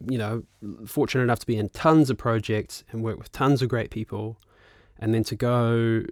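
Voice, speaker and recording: A man in his thirties with a New Zealand accent, telling a long casual story as a podcast guest, animated, laughing and swearing freely. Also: fairly low pitch, dry recording, clean studio sound. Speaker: guest musician and actor.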